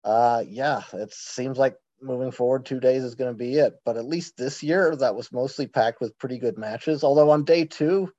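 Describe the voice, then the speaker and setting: Male podcast guest, wry and talkative, mellow tone, dull lo-fi sound. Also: medium pitch, no room sound. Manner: chatty, wry, quick asides. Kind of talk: casual podcast chat. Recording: slightly dull lo-fi mic.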